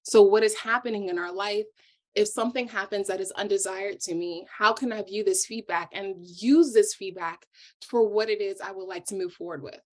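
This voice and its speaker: A woman yoga instructor explaining her practice in a calm, measured way as a podcast guest. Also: mid-range voice. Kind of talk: calm explanatory interview talk.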